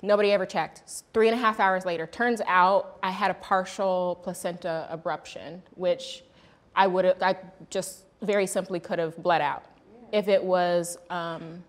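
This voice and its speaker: Woman host telling her story straight, kinda low voice, acts out the other people. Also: fairly even intonation, normal speed. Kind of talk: candid panel talk.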